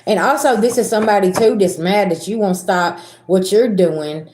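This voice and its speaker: A woman's voice: medium pitch, normal speed, darkish tone, echoey room, a little hiss or hum. A woman with a Southern American accent giving a blunt, profane spiritual reading to her viewers, acting out arguments as she goes. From Southern United States. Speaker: spiritual reader. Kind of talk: casual tarot reading to viewers.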